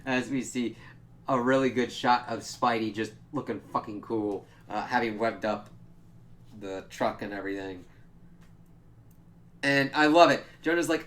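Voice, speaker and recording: A man at an ordinary middle pitch talks loosely through a comic book review. He fills his speech with "kinda" and "like" and swears freely. He keeps breaking into quick acted-out reactions. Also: a bit bright. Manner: loose and rambling, full of fillers and swearing, acting out quoted reactions. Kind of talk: casual spoken review.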